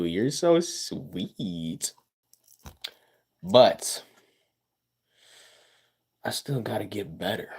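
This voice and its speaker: Slow-talking male streamer hyping himself. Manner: swings between loud outbursts and low mutters, repeats himself; boastful, self-hyping. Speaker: live streamer. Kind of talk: casual livestream chat with viewers.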